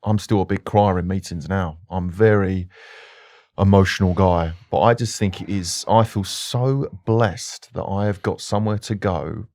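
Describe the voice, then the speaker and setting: Earnest british guy, kinda low voice, open about stuff, dry sound. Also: moderate pace, darkish tone, dry recording. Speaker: podcast guest. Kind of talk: candid conversation.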